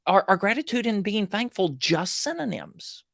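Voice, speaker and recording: Guest speaker, male, earnest and animated storyteller, recorded dry and close. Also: high-pitched, moderate pace, creaky, no room sound. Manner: earnest, animated storyteller who acts out quoted dialogue. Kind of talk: storytelling conversation on a livestream show.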